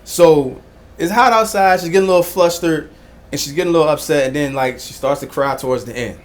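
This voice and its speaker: Animated man telling a story. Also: fast. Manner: animated storyteller who acts out quotes in a higher voice. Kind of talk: casual podcast conversation.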